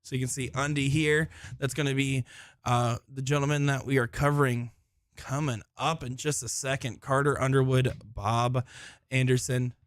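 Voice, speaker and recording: A man's voice: mid-range voice, steady tone, moderate pace, no room sound, clean studio sound. Chatty man calling live darts. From Florida. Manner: chatty, joking, self-deprecating. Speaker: darts commentator. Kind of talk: live streamed commentary. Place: busy indoor tournament hall.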